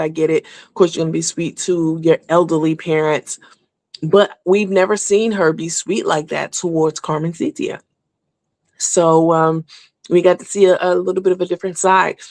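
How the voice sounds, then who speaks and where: A woman's voice: fairly low pitch, a little mellow, no room sound, clean studio sound. A woman hosting a casual celebrity gossip rundown, blunt and candid, with frequent filler words. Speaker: gossip show host.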